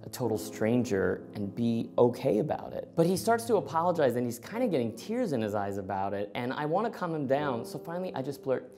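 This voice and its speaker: Animated male storyteller, acting out dialogue. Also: medium pitch, quick pace, few pauses, soft background music. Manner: animated, acts out both sides of dialogue. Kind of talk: personal storytelling monologue.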